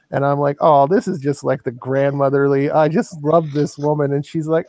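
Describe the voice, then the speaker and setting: A man's voice: mid-range voice, level tone, fairly quick, gravelly, hardly any pauses, a little mellow, no room sound. A man from Iowa chatting casually on a voice call, telling rambling stories and laughing at them. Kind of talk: casual storytelling chat.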